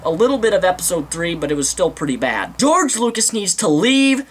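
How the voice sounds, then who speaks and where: A man's voice: sits high, very animated, fairly quick, slight background noise. A man giving a ranting movie commentary, indignant and mocking, with theatrical flourishes. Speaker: video commentator.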